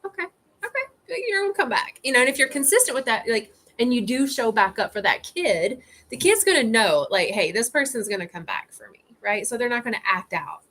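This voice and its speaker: Animated woman leading a group talk. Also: a little high, a little fast, few pauses. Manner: animated, acts out inner voices, swears casually. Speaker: group facilitator.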